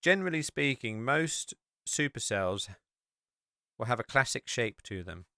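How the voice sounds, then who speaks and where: An English man rambles through a casual podcast chat, piling up fillers as he talks. His voice is bright and forceful with a smooth, crisp finish. The sound is dry and close, with no room around it. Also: medium pitch, lively intonation, a little slow, no room sound. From England. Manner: rambling and chatty, with frequent fillers. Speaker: podcast host. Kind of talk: casual chat while sharing a map on screen.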